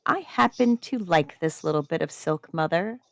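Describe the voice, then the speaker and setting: A woman's voice: low-pitched, animated, normal speed, creaky, fairly bright tone, no echo, full character voice. A woman reading aloud as a defiant young woman who answers her mother in mock innocence. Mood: mock-innocent. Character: defiant sarcastic young woman, rebellious daughter.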